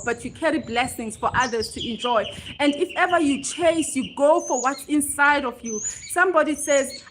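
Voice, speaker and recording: A woman's voice: high voice, a bit bright, a little hiss or hum. A woman hosting a casual livestream chat, talking to viewers and answering their comments as she goes, laughing at herself now and then. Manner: chatty, reads and answers viewer comments aloud; laughs easily, self-deprecating. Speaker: livestream host.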